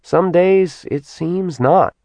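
Weary young woman, read by a male narrator, lifted pitch, patient, firm. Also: takes it slowly, mellow, dry recording. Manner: patient, warning. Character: weary young woman keeping her sisters in check.

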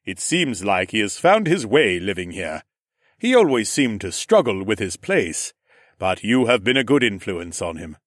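A man voicing a calm, dignified nobleman in an audiobook, with a low, rumbling, measured and formal voice. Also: dry recording, studio quality. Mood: fond. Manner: formal and courteous.

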